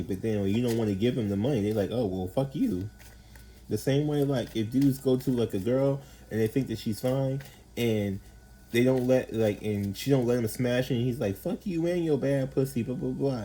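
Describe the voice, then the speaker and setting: A man's voice: mid-range voice, a little hiss or hum, rough recording. A man giving a casual tarot reading, rambling and slangy with plenty of profanity, often acting out the people he describes. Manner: animated, acts out quoted people. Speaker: tarot reader.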